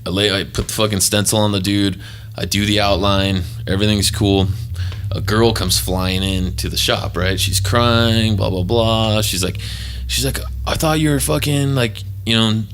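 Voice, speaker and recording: Deep-voiced man telling a rambling story. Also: little pitch movement, moderate pace, fairly bright tone, slight background noise. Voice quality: low voice, swears freely, acts out quoted people. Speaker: podcast host, former tattoo artist. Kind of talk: casual storytelling chat.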